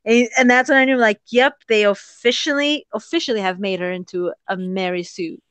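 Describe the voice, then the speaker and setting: A woman's voice: mid-range voice, fairly even intonation, a little fast, a bit bright, clean tone, dry recording. A woman hosting a casual podcast chat, ranting with lots of swearing and laughter. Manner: ranting, profane, laughs often. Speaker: podcast host.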